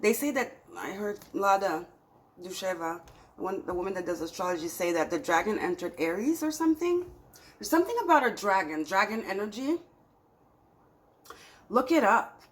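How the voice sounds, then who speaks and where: A woman's voice: medium pitch, sing-song, moderate pace, poor audio. A woman giving a spiritual tarot reading to her viewers, talking in an emphatic, scolding way that swings between exasperation and pleading. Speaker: tarot reader.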